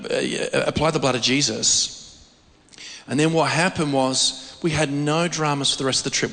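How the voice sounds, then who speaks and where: A man preaching a sermon, telling stories with animated energy and frequent restarts. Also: on the high side. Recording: long reverb of a hall.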